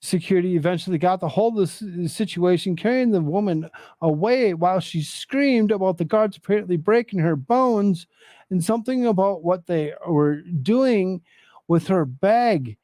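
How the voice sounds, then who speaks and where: High-voiced man riffing on viral clips. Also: animated, moderate pace, mellow, no room sound. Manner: sarcastic, exasperated, rambling. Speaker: commentary show host. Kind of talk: casual commentary on news and viral clips.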